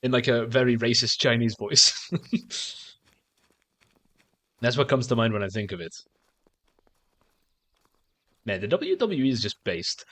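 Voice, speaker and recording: A man's voice: medium pitch, animated, unhurried, pauses often, a bit bright. A man streaming a game and chatting casually, rambling with stammered restarts and frequent swearing. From outside the United States. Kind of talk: casual chat while gaming on stream.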